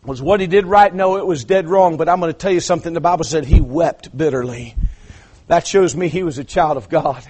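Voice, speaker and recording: A man preaching an impassioned sermon, dropping to hushed asides and then building to shouted climaxes. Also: on the high side, a little fast, breathy edge. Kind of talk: revival sermon.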